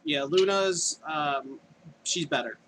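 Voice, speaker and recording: A man narrating and running a tabletop game as dungeon master, relaxed and full of fillers. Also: on the high side, takes it slowly, a little hiss or hum.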